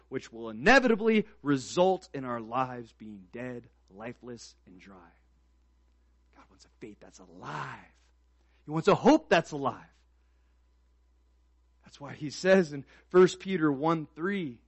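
A man's voice: a little high, dry recording. Emphatic preacher man, dry close sound. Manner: swings from quiet to loud emphatic preaching; conversational with fillers and asides to the congregation. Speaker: pastor. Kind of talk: sermon.

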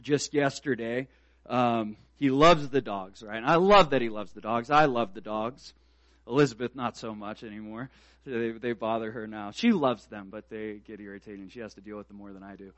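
A man's voice: medium pitch, moderate pace, dry recording. A man preaching a sermon as pastor, speaking earnestly and building to emphatic, repeated exhortations.

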